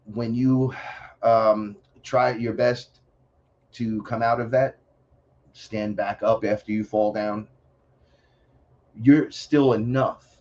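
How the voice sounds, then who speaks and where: A man telling stories as an interview guest, excitable and profane, acting out voices as he goes. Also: fairly low pitch, measured pace. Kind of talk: animated storytelling. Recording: dull lo-fi audio.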